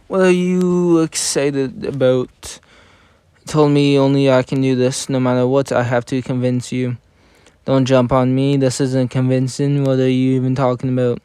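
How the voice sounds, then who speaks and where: A man reading game story dialogue aloud in a plain, even manner, often stumbling over words and correcting himself. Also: medium pitch, unhurried, smooth, no room sound, clean studio sound. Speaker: reader of game story scenes.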